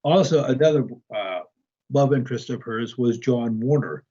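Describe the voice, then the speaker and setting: A man's voice: medium pitch, moderate pace, warm tone, husky, muffled recording. A man speaking as a guest in a casual conversation, hesitant and full of restarts. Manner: hesitant, many ums and restarts.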